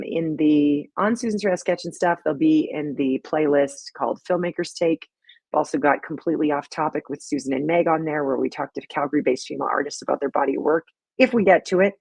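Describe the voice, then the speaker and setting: A woman's voice: sits low, a little mellow, dry recording. A middle-aged woman hosting a casual live stream about her sketch comedy, telling stories in a chatty, rambling way with lots of fillers. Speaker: sketch comedy creator and host.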